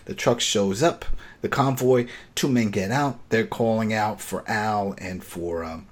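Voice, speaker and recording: Husky-voiced man recapping a TV episode. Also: fairly low pitch, unhurried. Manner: animated retelling, acting out quoted lines. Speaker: podcast host.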